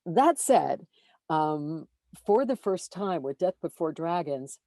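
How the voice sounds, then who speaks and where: An audiobook narrator speaks casually in an interview, animated and self-deprecating, full of fillers and restarts. Her voice sits low and her pace is slow, captured in a dry recording.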